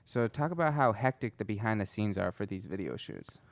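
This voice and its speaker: Host: low-voiced man, casual and slangy, dry sound. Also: very animated, brisk, creaky, no echo.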